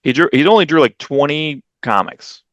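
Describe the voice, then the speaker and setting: A man co-hosting a comics podcast in casual chat, rambling through stories and acting out quotes with sudden leaps in pitch. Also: animated, normal speed, fairly bright tone, dry recording, muffled recording. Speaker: podcast co-host.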